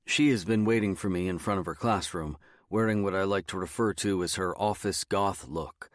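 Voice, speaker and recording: A man narrating a novel in a measured, even storytelling manner on a close studio mic. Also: low-pitched, no echo. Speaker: audiobook narrator. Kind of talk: scripted first-person narration.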